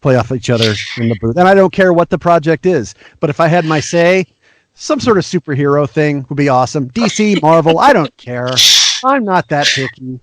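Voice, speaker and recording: A man's voice: a little high, expressive, brisk, a little hiss or hum. A middle-aged male voice actor, a guest in an interview, giving earnest, frank and encouraging career advice.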